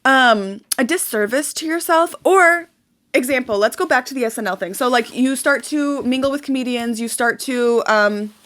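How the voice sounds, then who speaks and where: A young adult woman giving a casual motivational talk about manifestation, swearing freely and acting out excited quotes. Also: high voice, moderate pace. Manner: animated, swearing, acts out quotes in excited bursts. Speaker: manifestation vlogger.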